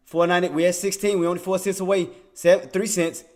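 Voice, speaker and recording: High-voiced man laughing through trading commentary. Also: little pitch movement, quick pace, soft background music. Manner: playful, laughs often; repetitive, hypes himself up. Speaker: day trader streamer.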